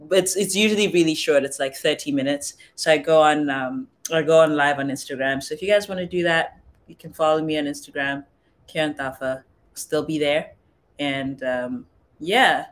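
A woman's voice: low-pitched, fairly bright tone. A young woman from Southern Africa hosting a casual livestream, chatting with viewers, reading their comments aloud and trying out phrases from other languages. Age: young adult. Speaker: livestream host.

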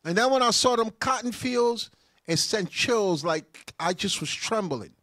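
A man with a somewhat high, very lively voice, speaking as a deacon who answers viewer comments on a livestream. He talks emphatically and turns fervent when a point stirs him. The sound is dry and close, with no room echo. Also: a little slow. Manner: emphatic, rising to fervent bursts when stirred. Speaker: deacon answering live chat.

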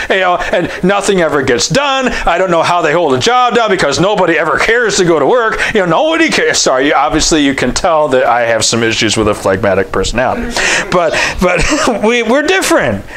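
A man's voice: a little high, very animated, a little fast, hardly any pauses, a bit bright. A man, a pastor, giving a chatty, joking sermon and often restarting his sentences. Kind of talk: conversational sermon.

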